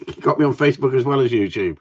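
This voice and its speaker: A man's voice: medium pitch, quick pace, darkish tone. A man with a chatty, joking manner, hosting a casual live stream for his followers. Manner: jokey, chatty, greets viewers by name. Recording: dull lo-fi stream audio.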